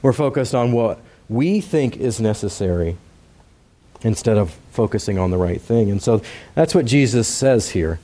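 A man's voice: lowish voice, lively intonation, normal speed, dark tone. A man giving a conversational sermon, talking casually and directly to his listeners and asking rhetorical questions. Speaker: preacher.

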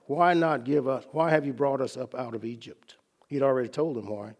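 Earnest and measured, this preacher teaches from scripture, easing his pace to emphasize key phrases. He has a mid-range, darkish voice with vocal fry and a breathy edge.

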